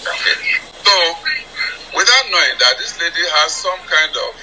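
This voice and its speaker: A man with a Nigerian accent, a surgeon, unhurriedly recounting his experience with many pauses over a video call. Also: a little high, sing-song, background noise.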